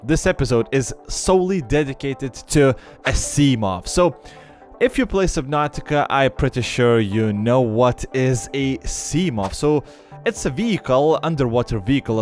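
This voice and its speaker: A young man with a non-native English accent, giving game commentary and explaining step by step with many fillers. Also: mid-range voice. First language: not English. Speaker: gaming YouTuber.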